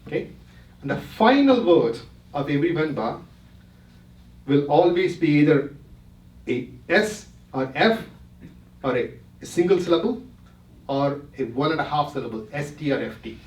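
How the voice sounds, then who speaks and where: A fairly high-pitched man speaks at a normal rate, with big swings in pitch and pauses that come often. Addressing a retreat audience in a roomy hall, he lays things out step by step and checks in on his listeners, heard through a far-off mic.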